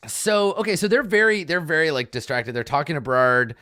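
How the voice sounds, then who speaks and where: A man's voice: fairly high pitch, lively intonation, fairly quick, sharp tone, no echo, studio quality. A young man narrating as game master, rambling with restarts and explaining the scene.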